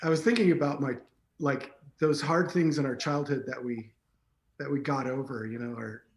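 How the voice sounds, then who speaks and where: A man in his late forties speaking casually and somewhat hesitantly in a relaxed conversation. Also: mid-range voice, normal speed, reverberant, slight background noise, rough recording. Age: 40s. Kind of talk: casual chat.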